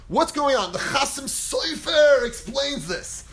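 A man with a very high voice delivers an animated Torah lecture. He acts out quotes dramatically, jumping between loud bursts and near-whispers. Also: a little slow. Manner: dramatic, acts out quotes, big swings in pitch and volume. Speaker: rabbi teaching a class.

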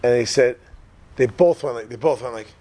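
A rabbi from Israel gives an informal Torah class in a joking, chatty manner, often putting questions to his listeners. His medium-pitched voice is mellow, at a moderate pace.

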